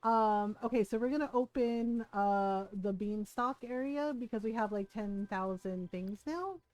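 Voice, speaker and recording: A woman's voice: mid-range voice, unhurried, darkish tone, no echo. A woman streaming a video game, chatting casually with viewers, rambling with ums and frequent laughs. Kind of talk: casual live-stream chat.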